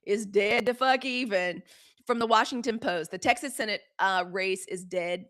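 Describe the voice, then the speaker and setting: A woman's voice: medium pitch, moderate pace, fairly bright tone. A woman hosting a live news show, talking casually and bluntly to her chat viewers, with frequent profanity. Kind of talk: casual live-stream commentary.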